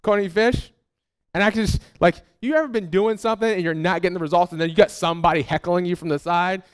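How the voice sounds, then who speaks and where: A man with a notably high voice preaches a casual, animated sermon. He speaks straight to the church, slipping into acted-out replies as he goes. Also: fast talker, clear, resonant tone. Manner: conversational, animated preaching that acts out people's replies; addresses the congregation directly. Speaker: pastor.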